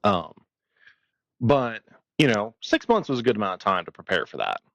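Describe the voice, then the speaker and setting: Blunt, low-voiced male co-host. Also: big pitch swings, moderate pace, creaky, a bit bright, dry recording, highs cut off. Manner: blunt, opinionated, occasional swearing. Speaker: podcast co-host. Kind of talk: casual podcast conversation.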